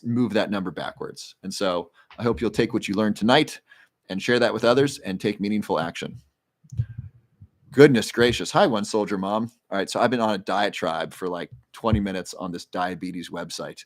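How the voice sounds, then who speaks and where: Rambling, low-voiced man hosting a livestream. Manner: rambling, conversational, reads viewer comments aloud; explains health research plainly. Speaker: livestream host answering viewer questions. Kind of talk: casual livestream Q&A.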